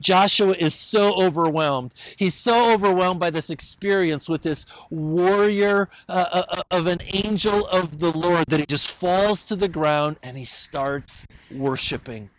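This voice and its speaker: Male pastor telling a story in a sermon, kinda high voice, casual with lots of uhs. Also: unhurried, hardly any pauses, a bit bright, no room sound, poor audio. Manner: storytelling, conversational, uses fillers.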